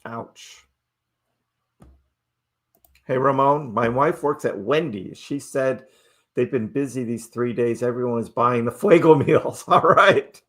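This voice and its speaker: A man's voice: medium pitch, slow pace, long pauses, a bit bright. A middle-aged man hosting a casual live stream, chatting loosely with his viewers, reading their messages aloud and laughing often. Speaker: livestream host.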